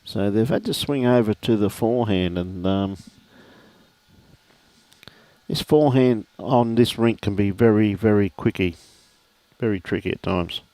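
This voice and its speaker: His voice is lowish and dark, at a moderate pace, with no room sound. This middle-aged Australian commentates a lawn bowls stream in a relaxed, matey fashion, calling out viewers by name.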